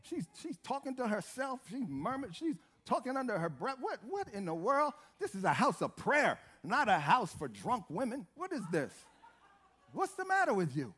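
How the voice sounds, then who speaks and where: A preacher doing a scolding old priest. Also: male voice, very high-pitched, huge pitch swings, moderate pace, fairly bright tone, husky, heavily acted. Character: older male priest, suspicious and scolding.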